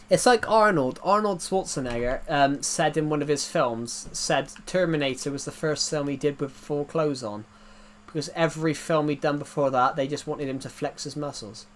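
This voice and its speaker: A streamer chats away over his game, wandering from one story to the next and chuckling at his own punchlines. His voice sits a touch higher than most men's. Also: fairly bright tone, slight background noise. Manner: rambling anecdotes, laughs at his own jokes. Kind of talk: casual chat while streaming.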